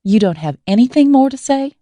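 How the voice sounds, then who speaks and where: A woman's voice: lively intonation, unhurried, no room sound. A woman voicing an outspoken, exasperated young woman who makes indignant demands in an audiobook. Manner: indignant, demanding, shrill peaks.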